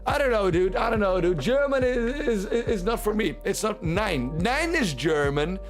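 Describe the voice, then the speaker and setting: Dutch male streamer, casual playful commentary, high voice, light music bed. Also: expressive, moderate pace. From Netherlands. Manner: chatty, playful, repeats himself.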